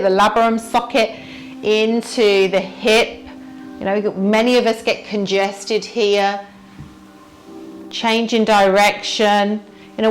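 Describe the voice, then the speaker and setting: A woman teacher guiding a yoga warm-up, gently asking the listener what they feel in the body. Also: a little high. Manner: slow, gentle, inviting questions to the listener. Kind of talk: guided yoga class instruction.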